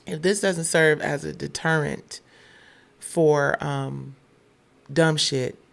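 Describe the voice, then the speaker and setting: Gravelly-voiced woman hosting blunt news talk. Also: low-pitched, steady tone, takes it slowly. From Detroit. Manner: blunt, irritated, profane. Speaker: show host. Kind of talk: casual news commentary.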